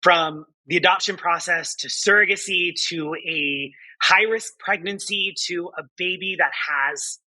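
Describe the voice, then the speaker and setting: A man speaking as a podcast guest, excited and earnest as he introduces his family. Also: high voice, unhurried, hardly any pauses, no echo, rough recording. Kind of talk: conversational interview.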